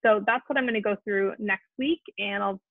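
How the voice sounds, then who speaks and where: A woman talks gently and earnestly to an online support group, often restarting her sentences as she reaches for the right words. Her voice sits in an ordinary middle range. It comes through a narrow, phone-like line that is very dry, with no room sound. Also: medium pitch, fairly quick, gravelly, dry recording. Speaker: host of a support Q&A. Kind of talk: casual heartfelt talk to an online group.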